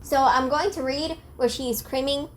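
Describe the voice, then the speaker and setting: Chatty young woman, higher voice. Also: steady tone, normal speed. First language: not French. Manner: chatty, frequent "like", apologetic about pronunciation. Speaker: video essayist. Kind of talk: casual video essay narration.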